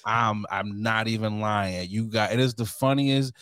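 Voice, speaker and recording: A man's voice: lowish voice, measured pace, clean tone, no room sound, clean studio sound. A man co-hosting a casual podcast chat, joking and acting out quotes as he talks. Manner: animated, joking, acts out quotes. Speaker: podcast co-host.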